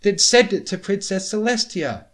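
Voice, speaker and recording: A man voicing a pushy, frantic young female unicorn student in a high, urgent voice. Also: expressive, moderate pace, a bit bright. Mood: insistent.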